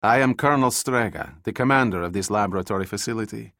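A man's voice: fairly low pitch, fast, a bit bright, no room sound, studio quality. A man voicing a cruel, mocking male colonel with a European accent who commands a laboratory. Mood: menacing. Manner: sneering, lordly threats.

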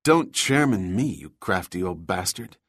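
A man's voice: sits low, very animated, measured pace, a bit bright, husky, dry recording, clean studio sound, pitched below the performer's own voice, exaggerated voice. A male narrator voicing a commanding middle-aged male ship captain who gives clipped, firm orders, in a storybook reading. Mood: tense.

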